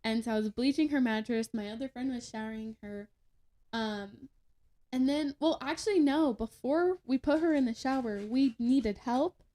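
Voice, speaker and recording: A woman's voice: fairly high pitch, normal speed, dark tone. A young woman telling a story as a podcast guest in a casual, chatty way, with lots of fillers and laughter. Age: young adult.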